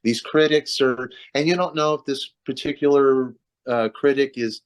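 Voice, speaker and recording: His intonation is fairly even, the pitch medium, the speed normal. The man, a metal vocalist guesting on a casual video call, talks loosely about his career in a rambling way packed with restarts and fillers.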